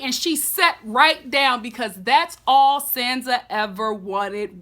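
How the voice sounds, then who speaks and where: A woman giving a casual, expressive TV episode recap as a vlogger. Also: high-pitched, moderate pace, few pauses. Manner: expressive, animated storytelling.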